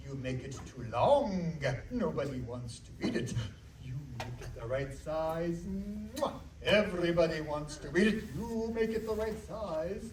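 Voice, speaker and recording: A man playing a grumpy male factory boss who scolds slowly and emphatically, dropping his voice low. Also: distant mic. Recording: echoey room from afar with kids.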